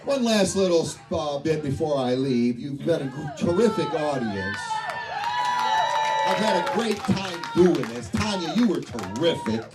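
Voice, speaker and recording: A man's voice: on the high side, big pitch swings, a little slow, over loud music, a loud crowd. A middle-aged man doing a stand-up comedy set, swearing freely and laughing at his own jokes, in a tavern showroom. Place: tavern showroom before a live crowd. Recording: distant and noisy live bar recording.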